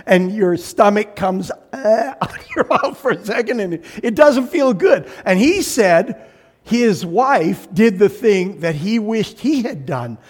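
A man preaching a sermon as pastor, animated, acting out voices and shouting for emphasis. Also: high-pitched, husky.

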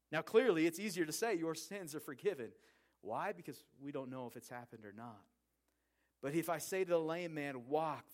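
Man, pastor, conversational sermon, fairly high voice, asks questions, repeats words.

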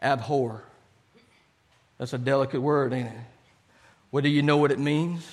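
A man's voice: medium pitch, steady tone, moderate pace, a little mellow. A man preaching a sermon to his congregation, earnest and repetitive, often asking "Amen?". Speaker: pastor.

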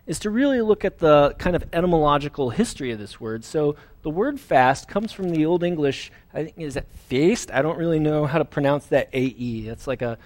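A man's voice: fairly high pitch, animated, a little fast, hardly any pauses. A man preaching a sermon as pastor, earnest and conversational, with fillers and restarts.

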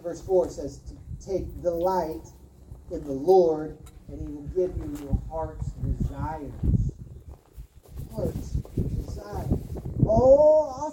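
A woman pastor giving a sermon, earnest and emphatic, often repeating words and pausing. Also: fairly low pitch, distant mic, background noise. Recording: roomy sound from off-mic.

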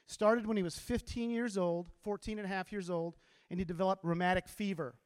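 High-voiced man speaking in a hall. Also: brisk, clean tone. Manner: animated storyteller who gets the crowd to repeat lines. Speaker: teacher giving a motivational talk. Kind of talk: inspirational talk to a live audience. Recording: long hall reverb.

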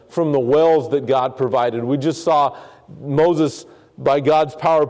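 Man preaching with a mellow voice. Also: medium pitch. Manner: conversational, repeats words, dramatizes quotes. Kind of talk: sermon, Bible study teaching.

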